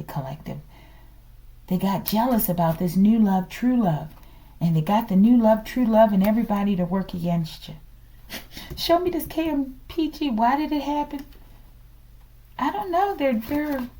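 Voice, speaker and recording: A woman's voice: lowish voice, dark tone. A woman giving a casual tarot reading, thinking aloud and dropping into whispered asides to the viewers. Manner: drops into whispered asides, often addresses the viewers as the collective; rambling, thinks aloud with frequent sighs and laughs. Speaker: tarot reader.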